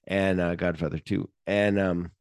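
A man hosting a casual film podcast, chatting about a movie and animatedly retelling its scenes. His voice sits a little low, and the recording is dry and close, with no room sound. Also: flat delivery, measured pace, clear, resonant tone, dry recording. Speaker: podcast co-host.

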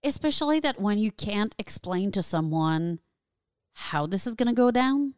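A woman's voice: mid-range voice, expressive, normal speed, a little mellow, clean tone, dry recording, clean studio sound. A woman hosting a casual conversation, backing up her guest with short agreeing replies.

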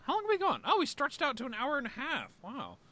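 Guy hosting a podcast, swears a lot, pitch jumping all over the place. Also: fast. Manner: animated, swearing, big swings in pitch. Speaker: podcast host. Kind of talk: casual podcast chat.

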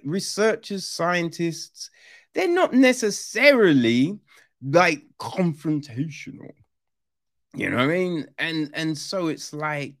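Exasperated, sweary man ranting slowly. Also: fairly high pitch. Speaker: film reviewer. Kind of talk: casual film review rant.

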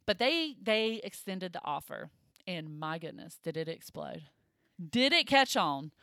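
A woman co-hosting a casual chat, telling a story with lively swings and high put-on voices. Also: unhurried, dry recording, studio quality. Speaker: podcast co-host.

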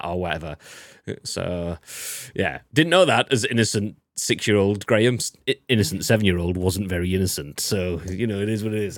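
A man's voice: lowish voice, brisk, no echo, studio quality. A man hosting a gaming news podcast in casual, joking chat, swearing freely as he reads out the news. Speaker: podcast host.

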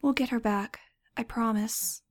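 A woman voicing a sincere, kind woman in an audiobook, softly consoling. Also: fairly high pitch, a little slow, no room sound, studio quality.

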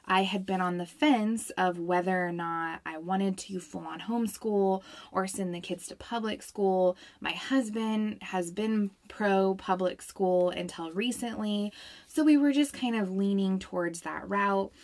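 A woman's voice: medium pitch, a little slow. A woman in her thirties, a homeschooling mother, talking casually and reflectively to the camera, thinking aloud as she goes. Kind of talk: casual vlog talk.

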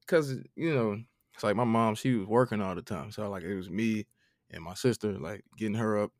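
Deep-voiced young man telling stories. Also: fairly quick, dry recording, studio quality. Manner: animated, profane, laughing storytelling. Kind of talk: casual storytelling chat.

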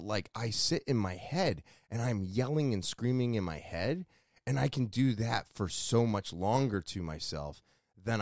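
A man's voice: fairly low pitch, a little mellow, no room sound. A man hosting his own podcast, speaking in a candid, self-critical solo monologue that rambles with restarts, close on a mic in a small room. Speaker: podcast host.

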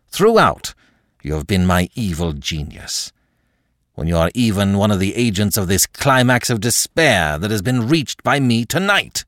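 A man's voice: low voice, no room sound, clean studio sound. A man voicing a cold, desperate aristocrat who speaks in an icy, clipped, menacing way.

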